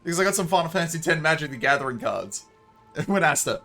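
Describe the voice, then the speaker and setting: A male streamer chatting casually into a desk mic, laughing often and swearing freely. His voice sits a little high and bright, and his pitch jumps around a lot. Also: expressive, quick pace, soft background music. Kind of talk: casual live-stream chat.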